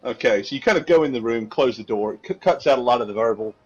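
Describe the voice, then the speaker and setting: A man's voice: medium pitch, fast, breathy edge, muffled recording, soft background music. A man narrating a tabletop game as game master, in a casual rambling way.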